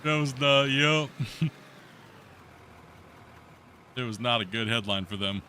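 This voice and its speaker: A man's voice: medium pitch, slow, a little hiss or hum. A man hosting a live stream, telling a long rambling story in casual voice chat, full of fillers and restarts. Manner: rambling, animated anecdote with many fillers. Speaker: streamer host.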